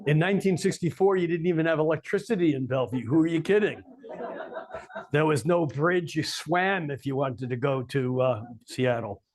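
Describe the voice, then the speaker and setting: A male astrologer talking to a live audience in a coffeehouse, in a voice pitched a little high. He explains in a relaxed way and drops in wry joking asides. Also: moderate pace.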